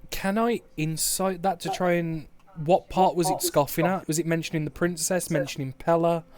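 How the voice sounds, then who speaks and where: A man playing a tabletop game, chatting eagerly with quick banter. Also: on the high side, steady tone, a little mellow, soft background music. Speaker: player. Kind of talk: casual tabletop game chat.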